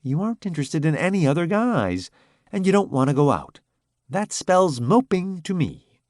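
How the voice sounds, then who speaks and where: A man's voice: fairly high pitch, big pitch swings, normal speed, darkish tone, no echo, clean studio sound, pitched above the performer's own voice. A man voicing a sassy nineteen-year-old young woman in an audiobook, with a tart, teasing way of talking. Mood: scoffing.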